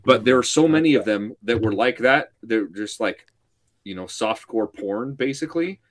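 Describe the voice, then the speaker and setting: A man chatting as a podcast guest, easygoing and quick to agree. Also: medium pitch, lively intonation. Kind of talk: casual chat.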